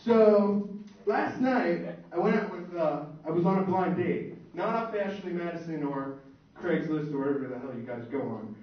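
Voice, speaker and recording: A man's voice: on the high side, moderate pace. Young man doing crude stand-up. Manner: crude, boastful storytelling with put-on voices for others. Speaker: stand-up comedian. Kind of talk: stand-up comedy set. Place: small club stage. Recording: echoey, distant, dull lo-fi room recording.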